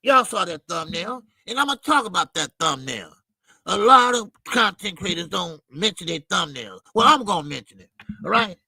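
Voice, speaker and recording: A man hosting a livestream boxing show, ranting with profanity and loud outbursts while greeting his chat. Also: high voice, big pitch swings, normal speed, no room sound. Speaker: boxing channel host.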